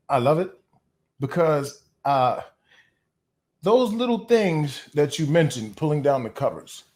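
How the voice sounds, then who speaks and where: A man hosting an interview, encouraging and reflective, often pausing with fillers. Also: mid-range voice, darkish tone. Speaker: host. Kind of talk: conversational interview.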